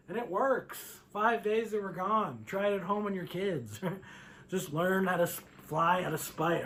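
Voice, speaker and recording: Guy doing standup, bright voice, laughs a lot, acts stuff out. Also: high-pitched, fairly even intonation, measured pace. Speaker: stand-up comedian. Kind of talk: stand-up set.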